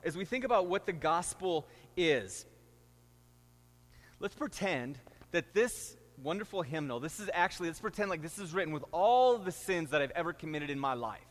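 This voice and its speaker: A man's voice: on the high side, lively intonation, normal speed, in a large hall. A middle-aged man, a pastor, preaching a sermon and telling stories with rising, emphatic delivery. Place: church sanctuary.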